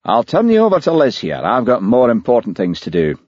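A man voicing a brash, crude male TV producer who talks loudly and crossly. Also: medium pitch, huge pitch swings, brisk, no room sound, highs cut off, voice pushed up. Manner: loud, pushy and cross.

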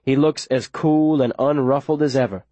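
A man narrates an audiobook in the first person, pressing the story forward with urgent, tense energy. His voice sits in an ordinary middle pitch for a man. The recording is dry and close, with no room sound around it. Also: steady tone, moderate pace, no echo. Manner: urgent, tense storytelling with sudden shouted lines.

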